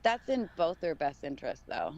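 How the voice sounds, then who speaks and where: A woman's voice: deep voice, very animated, moderate pace, a little mellow, dull audio. A woman co-hosting a live podcast stream, chatting casually, blunt and playful and swearing freely. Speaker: podcast co-host.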